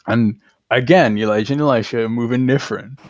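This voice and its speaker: A man's voice: medium pitch, fairly quick, no echo. A man casually retelling stories on a podcast, irreverent and slangy, laughing as he goes. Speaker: podcast co-host. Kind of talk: casual chat.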